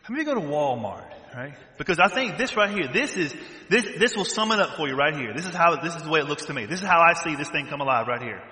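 A man with a Southern US accent preaching a sermon, swinging between loud bursts and hushed asides. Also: fairly high pitch, animated, quick pace. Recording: echoey hall reverb.

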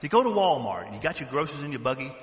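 A man with a Southern US accent preaching a sermon, swinging between loud bursts and hushed asides. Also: mid-range voice, sing-song, very fast. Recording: echoey hall reverb.

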